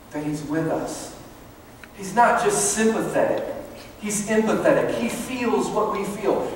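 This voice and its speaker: High-voiced man preaching in an echoey church. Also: recorded from a distance, a little hiss or hum. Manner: impassioned, rising and falling preaching. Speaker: pastor. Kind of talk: sermon. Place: church sanctuary. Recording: very echoey church hall from afar.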